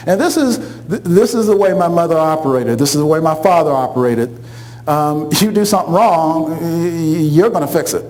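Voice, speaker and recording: A man's voice: fairly high pitch, normal speed, rough recording. A middle-aged man telling a funny personal story, acting out the voices of the people in it. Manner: animated, acts out quoted voices, laughs along.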